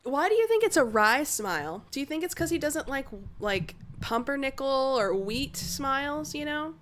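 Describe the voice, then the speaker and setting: A woman's voice: sits high, very animated, normal speed, fairly bright tone, a little hiss or hum. Giggly, playful woman streamer. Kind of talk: casual game commentary.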